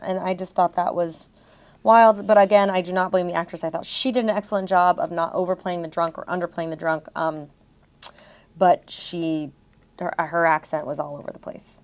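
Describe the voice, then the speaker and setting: A young adult woman co-hosting a podcast, in casual chat, chatty and quick to mimic others. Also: on the low side, steady tone. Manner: chatty, puts on voices when quoting. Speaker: podcast co-host.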